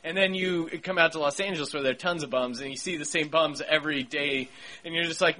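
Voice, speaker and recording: Bright, animated podcast host man. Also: on the high side, quick pace. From Pennsylvania. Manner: animated storyteller, laughs often. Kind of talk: casual chat.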